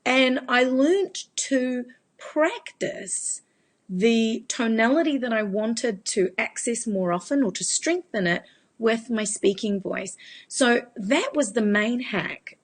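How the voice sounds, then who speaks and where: A woman's voice: fairly high pitch, takes it slowly. A woman, giving a chatty live Q&A as a vocal coach. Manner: chatty, explanatory, demonstrates voice changes. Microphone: phone.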